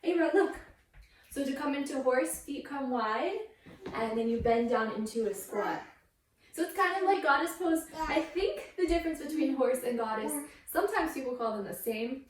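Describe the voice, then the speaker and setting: A woman's voice: high voice, expressive, moderate pace. A young woman teaching a yoga class with a toddler, playful and sing-song, breaking into animal sounds. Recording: very echoey room, mic at a distance, faint noise.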